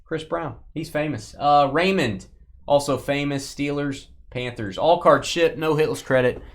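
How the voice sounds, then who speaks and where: A man hosting a live sports card break, reading out names and teams in quick bursts and joking with viewers. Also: on the high side.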